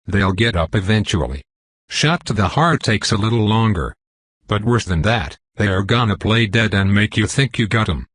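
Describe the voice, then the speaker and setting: A man's voice: on the low side, expressive, normal speed, a bit bright, no echo. A man voicing a weathered male wolf hunter in an audiobook, warning matter-of-factly about the enemy. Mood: grim.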